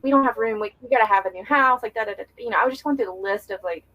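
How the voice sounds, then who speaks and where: A young woman guests on a podcast, talking earnestly and reflectively in a candid interview, with many fillers. She speaks fast, at a fairly high pitch and with a fairly bright tone, over low-quality audio.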